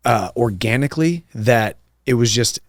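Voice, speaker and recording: A man's voice: mid-range voice, lively intonation, normal speed, dry recording, studio quality. A man in his thirties, a guest on a podcast, talking earnestly and emphatically and repeating phrases for rhythm. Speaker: guest, professional fighter. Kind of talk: casual podcast conversation.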